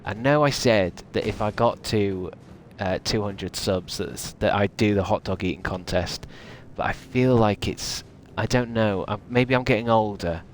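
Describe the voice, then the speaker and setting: A young man streams a game while chatting casually, rambling and swearing and often laughing at his own expense. His voice is on the low side, with slight background noise.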